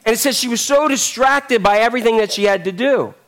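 A man's voice: very high-pitched, a little fast, fairly bright tone. A man preaching a sermon, telling a story animatedly and acting out the characters. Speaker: pastor.

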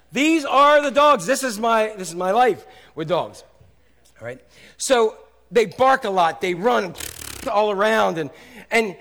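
High-pitched male pastor, middle-aged, chatty sermon, loud bursts then quiet asides. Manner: animated and conversational, drops from loud exclamations to soft asides.

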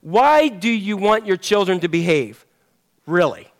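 A man's voice: high-pitched, expressive, normal speed. A man preaching a sermon as pastor in a church service, talking in a conversational, joking storytelling manner.

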